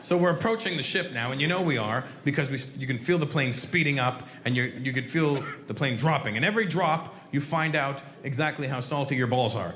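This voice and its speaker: A man doing a stand-up comedy routine, telling an animated story and shouting out sound effects. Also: mid-range voice, brisk, hardly any pauses, crowd noise. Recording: echoey live room, faint noise.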